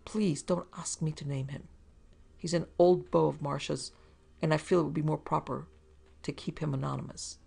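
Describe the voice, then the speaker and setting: A woman voicing a fussy, wheedling middle-aged man in a storybook reading, in a prim, high-pitched way. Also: steady tone, moderate pace, vocal fry, dark tone, breathy edge, heavily acted.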